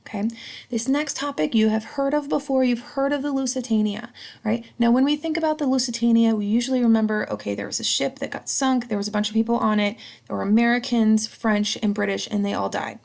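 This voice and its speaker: A woman's voice: on the high side, fairly even intonation, brisk, gravelly, a little mellow. A woman teacher giving a recorded history lesson, chatty and casual, checking in with a "right?" after each point. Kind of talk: recorded slideshow lecture.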